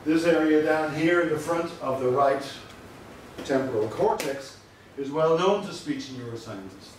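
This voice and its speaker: A male lecturer giving a university lecture, measured and explanatory, stressing his key points. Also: fairly high pitch, darkish tone. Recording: very echoey room from a distant mic with faint noise.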